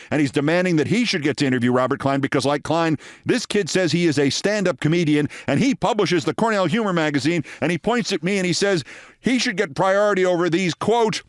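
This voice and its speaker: Man, host, animated anecdote, very expressive pitch, dry studio sound. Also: no room sound. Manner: animated anecdote with acted quotes. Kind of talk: storytelling monologue.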